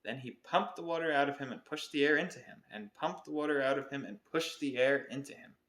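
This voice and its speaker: A man's voice: medium pitch, fast, a bit bright. A man co-hosting a podcast, reading a picture book aloud expressively, with occasional self-corrections. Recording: roomy echo.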